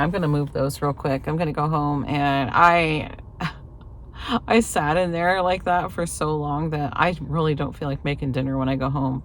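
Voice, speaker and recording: Low-voiced chatty woman vlogger. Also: a little hiss or hum. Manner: rambling, talkative, laughs often. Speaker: lifestyle vlogger. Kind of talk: casual chatty vlog.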